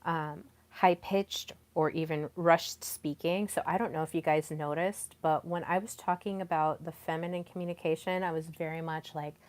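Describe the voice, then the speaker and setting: A woman hosting a solo podcast, talking softly and deliberately with many pauses. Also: sits low, steady tone. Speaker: podcast host. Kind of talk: solo podcast talk on communication.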